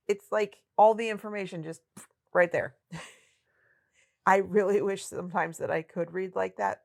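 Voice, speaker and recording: A woman co-hosting a podcast, chatting about a novel in a relaxed, digressive way and laughing often. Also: medium pitch, gravelly. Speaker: podcast co-host. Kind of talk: casual book discussion.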